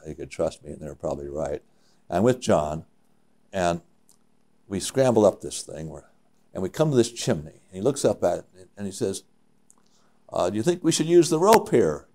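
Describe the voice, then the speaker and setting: An older man, a mountaineer, telling stories from his climbs in an interview, animated and full of halting restarts. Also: deep voice. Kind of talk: reminiscing interview.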